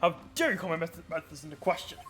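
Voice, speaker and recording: A man's voice: a little high, animated, racing, fairly bright tone, soft background music. A man voicing a haughty, arrogant male researcher who opposes the investigation, speaking in a condescending, scoffing way while reading game dialogue aloud. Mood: scornful.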